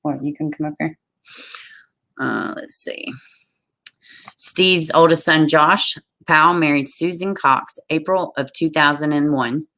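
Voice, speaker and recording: Brief: Southern woman, tired, very deep voice, true crime livestream host who reads aloud and chats with the viewers. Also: measured pace, sharp tone. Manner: reads a case aloud, trails off and greets viewers. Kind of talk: reading aloud and chatting on a livestream.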